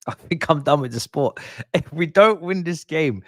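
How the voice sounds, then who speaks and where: A man's voice: on the high side, expressive, normal speed, a bit bright, no room sound, studio quality. A young man reacting live to a football match on stream, exasperated, swearing and ranting at the players. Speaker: watch-along streamer.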